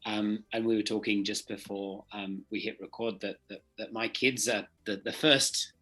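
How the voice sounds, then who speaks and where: A man from England hosting a podcast, halting and searching for words as he is moved by what he hears. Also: fairly low pitch, steady tone, bright, forceful tone, slightly rough, soft background music. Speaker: podcast host, teacher. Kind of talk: podcast interview.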